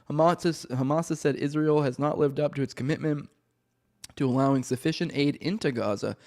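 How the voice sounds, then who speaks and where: A man hosting a podcast, reading news articles aloud and rambling through commentary, with his voice choked up and rough. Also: mid-range voice, darkish tone. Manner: rambling, many restarts and fillers, swears casually. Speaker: podcast host.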